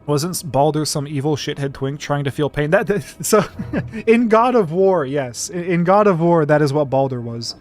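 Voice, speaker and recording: A man's voice: fairly high pitch, lively intonation, normal speed, darkish tone. A young man streaming a game, casually retelling a myth with lots of swearing and self-corrections. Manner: rambling storyteller, swears freely, self-correcting. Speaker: gaming streamer. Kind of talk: casual livestream commentary.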